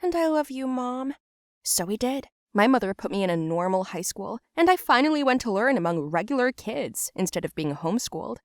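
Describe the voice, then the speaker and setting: A young woman giving scripted first-person narration for an animated story, in a plain, matter-of-fact way. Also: mid-range voice, brisk, hardly any pauses, no echo, clean studio sound.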